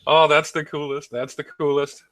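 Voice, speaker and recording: A man's voice: fairly high pitch, little pitch movement, moderate pace, fairly bright tone, dry recording. A man with a Western US accent in a casual group voice chat, laid-back and curious.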